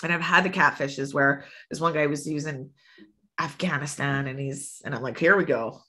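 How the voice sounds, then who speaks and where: A woman's voice: deep voice, normal speed, bright, forceful tone. A woman in her thirties, a podcast guest, chatting candidly and acting out quotes in her stories with laughs. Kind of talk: candid casual chat.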